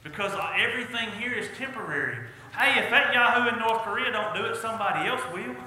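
Middle-aged pastor, earnest and folksy, very bright ringing tone, heavy hall echo. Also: male voice, sits high, lively intonation, fast talker. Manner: folksy, earnest preaching with rising emphasis. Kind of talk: sermon. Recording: echoey church hall.

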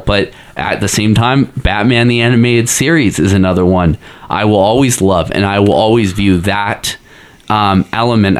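A man with a lowish voice talks casually on a podcast, circling his points with lots of fillers, restarts and trailing clauses. He sounds relaxed and conversational. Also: clear, resonant tone. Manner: rambling, many fillers and restarts. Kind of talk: casual pop-culture chat.

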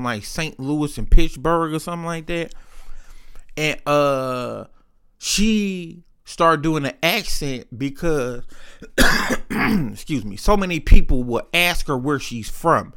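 A man's voice: a little high, a bit bright, smooth. A young man hosting a podcast, telling candid, rambling stories in casual chat, full of profanity. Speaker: podcast host. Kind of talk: casual storytelling.

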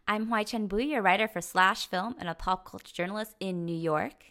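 A woman's voice: mid-range voice, brisk, a bit bright. A young adult woman co-hosting a podcast as a pop culture journalist, with dry, wry remarks. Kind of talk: casual podcast chat. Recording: dull lo-fi podcast audio.

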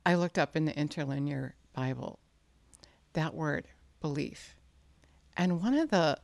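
A woman's voice: vocal fry, darkish tone, no room sound. A woman preaching an earnest sermon, acting out quoted lines with a rising voice and sometimes dropping to a near whisper for emphasis. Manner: earnest, acts out quoted speech with rising pitch.

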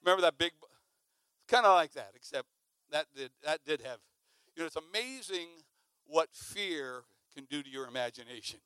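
A man preaching a sermon, telling a story with lively acted-out sounds and sudden shouts. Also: fairly high pitch, normal speed, clear, resonant tone, no echo. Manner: animated, acts out sounds and shouts.

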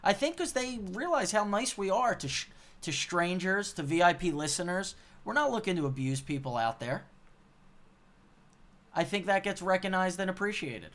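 A man hosts a podcast, talking in an earnest, grateful, emphatic way. His voice sits somewhat high for a man. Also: lively intonation, moderate pace, fairly bright tone. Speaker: podcast host. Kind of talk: casual chat.

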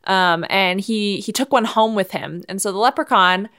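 A woman's voice: mid-range voice, normal speed, fairly bright tone, smooth. A woman co-hosting a podcast, playfully making up a movie plot in a casual, giggly way. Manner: playful, giggly storytelling with many ums. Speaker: podcast co-host.

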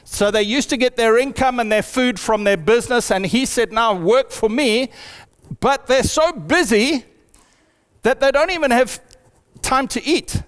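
A man preaching a sermon in a church hall, with animated storytelling. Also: very high voice, normal speed, clean tone. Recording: long hall reverb.

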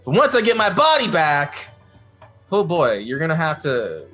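A man's voice: fairly high pitch, wildly swooping pitch, normal speed, pushed and bright, soft background music. A man playing a tabletop game, joking and sarcastic in casual banter. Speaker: player.

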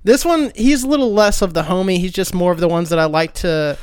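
Young man, high voice, smooth, dry close podcast mic, casual storytelling, laid-back, swears. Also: fairly quick, darkish tone, no echo. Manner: laid-back, laughing, swears casually, uses lots of fillers. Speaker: podcast guest.

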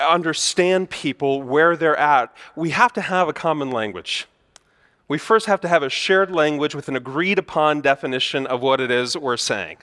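A pastor giving a sermon, telling a story in a conversational way with self-deprecating humor. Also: male voice, on the high side, pushed and bright. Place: church sanctuary. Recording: church hall reverb.

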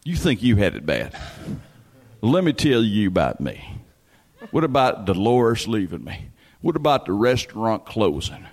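Brief: smoky, raspy man in his sixties put on by a man, low and slow, flat delivery, reverb-heavy hall. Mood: deadpan. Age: 60s. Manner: slow, flat and matter-of-fact. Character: older smoker man, gravelly, matter-of-fact.

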